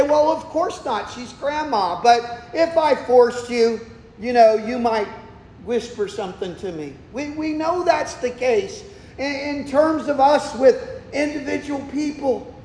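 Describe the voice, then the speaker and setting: Male pastor, very high voice, slow deliberate delivery, emphatic sermon style, roomy echo. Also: darkish tone. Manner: emphatic preaching, slowing for stress, asking and answering questions. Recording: echoey hall, long reverb.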